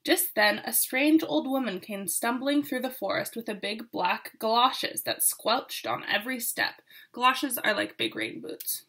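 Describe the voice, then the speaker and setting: A woman reading a picture book aloud to children, expressive and with asides to her listeners. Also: fairly high pitch, measured pace, hardly any pauses, slightly rough. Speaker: storyteller.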